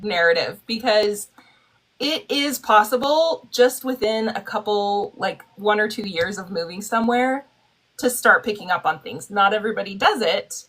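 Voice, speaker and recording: A woman's voice: mid-range voice, normal speed, a bit bright, rough recording. A woman chatting as a guest over a video call, explaining at length with light laughs. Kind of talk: casual group chat on a live stream.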